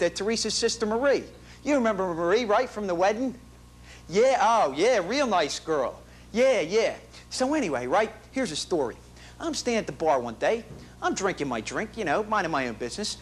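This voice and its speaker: A man's voice: high voice, animated, moderate pace, a little hiss or hum. Man playing a boastful slangy family guy. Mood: bragging. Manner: rambling, full of street slang and bad grammar. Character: chatty, boastful working-class family man. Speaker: stage performer in a one-man show. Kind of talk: comic stage monologue. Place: theater stage.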